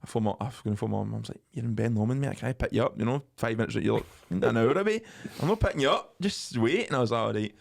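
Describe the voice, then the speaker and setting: A young Scottish man hosts a podcast and tells a story fast, with lots of swearing and laughter. His voice has a gravelly, creaky edge, and his pitch is middling for a man. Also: lively intonation. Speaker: podcast host. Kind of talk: casual storytelling chat.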